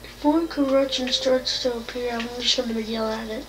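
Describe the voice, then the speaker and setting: A woman giving let's-play commentary, excitable and playful, often yelling and laughing. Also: a little high, moderate pace, noisy background. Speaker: gamer. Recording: distant mic with game music behind.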